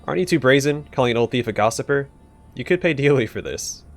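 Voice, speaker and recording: A man's voice: medium pitch, lively intonation, fast, soft background music, close to an everyday voice. A man voicing Gosha, a cocky old thief. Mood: threatening. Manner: swaggering, breezy slang with threats. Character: old male thief and loan shark, cocky and menacing.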